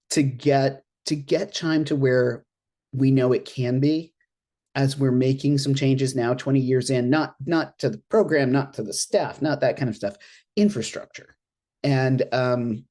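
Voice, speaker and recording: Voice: medium pitch, breathy edge. An interfaith minister speaks on a panel from home over a video call. The delivery is casual and chatty, with frequent laughs and little acted-out asides. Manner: chatty and expressive, laughs often, acts out reactions in quoted asides. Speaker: interfaith minister and board treasurer on an alumni panel. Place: at home in an apartment.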